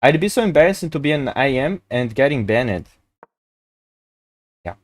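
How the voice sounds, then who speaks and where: Excitable man streaming chess. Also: mid-range voice, moderate pace, long pauses, no room sound. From Brazil. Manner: excitable, chatty, swears and laughs often. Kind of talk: casual live-stream chat.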